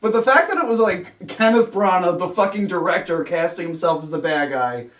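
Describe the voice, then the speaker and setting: A young man hosting a casual movie review chat, sarcastic and animated, swearing freely. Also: high voice, a little fast, distant mic. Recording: roomy sound from off-mic.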